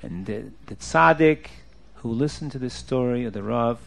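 A man teaching a group of boys through an animated story, jumping up and down in pitch and acting out the speakers he quotes. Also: normal speed, gravelly. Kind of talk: storytelling lesson.

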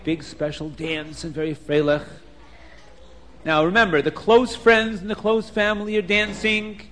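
A man telling a folk tale aloud in an animated way, sprinkling in Yiddish words. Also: high voice, long reverb tail. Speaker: storyteller. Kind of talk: oral folk storytelling.

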